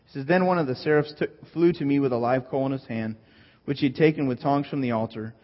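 A man preaching a sermon, teaching earnestly and slowing down to read scripture aloud. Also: mid-range voice. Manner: earnest teaching, reads scripture slowly, repeats words. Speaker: pastor. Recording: dull sound with long hall reverb.

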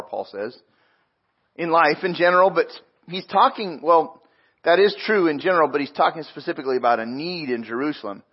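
A man's voice: a little high, husky, lo-fi sound. A man preaching a sermon as a pastor, earnest and conversational, often repeating his words as he explains.

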